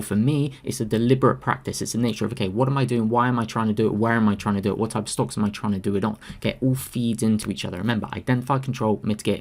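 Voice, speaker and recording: A man's voice: lowish voice, gravelly, darkish tone. A man presenting a trading lesson over slides, emphatic and prone to repeating key phrases for stress. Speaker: trading educator. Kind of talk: screen-share presentation.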